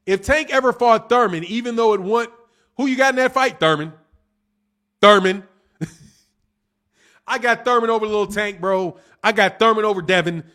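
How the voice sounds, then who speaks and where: A man's voice: high-pitched, fairly bright tone. A man giving casual livestream commentary on boxing, reading chat comments and answering them in a blunt, heated, slang-heavy way, often repeating his points.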